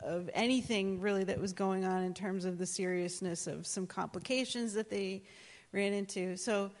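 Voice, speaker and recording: Give me a woman with a mid-range voice giving a lively church testimony, with a long hall reverb. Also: mid-range voice, normal speed. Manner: lively storytelling, acts out voices. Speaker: church member sharing a testimony.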